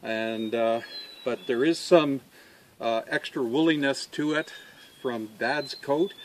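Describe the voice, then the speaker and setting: A man showing his farm dogs and puppies outdoors, talking in an unhurried, halting way with many fillers and coaxing the dogs fondly. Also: medium pitch, slight background noise. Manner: fond, coaxing talk to the dogs. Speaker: dog breeder selling puppies. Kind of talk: casual farm video walkthrough.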